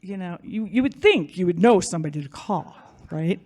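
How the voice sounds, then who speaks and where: A woman's voice: on the low side, expressive, fairly quick, darkish tone. A woman telling a personal story in front of an audience, chatty and self-mocking, acting out what other people said.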